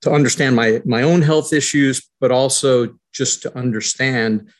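A man's voice: medium pitch, moderate pace. A man in a support group video call, explaining at length with many restarts and repeated words. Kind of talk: casual video call chat.

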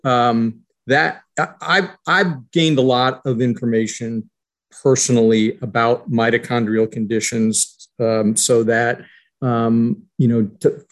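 A man's voice: medium pitch, fairly even intonation, slow. A man in a support group video call, explaining at length with many restarts and repeated words. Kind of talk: casual video call chat.

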